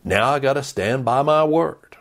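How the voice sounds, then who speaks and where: A man's voice: medium pitch, normal speed, pitched above the performer's own voice, lightly acted. A man voicing a worried king who pleads with a friend in a casual, modern way. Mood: pleading.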